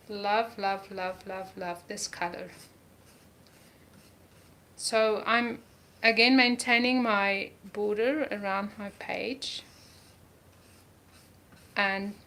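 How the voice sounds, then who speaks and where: Slow, chatty woman art teacher. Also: medium pitch, fairly bright tone, a little hiss or hum. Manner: chatty, talks through each step while painting; enthusiastic about colors, repeats words. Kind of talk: live art journaling lesson.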